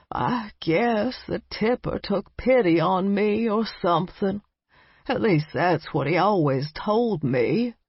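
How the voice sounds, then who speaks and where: A woman voicing a timid, wheezy elderly male vampire in an audiobook, slow and pleading. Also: lowish voice, husky, no echo, muffled recording, heavily acted. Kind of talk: audiobook character voice.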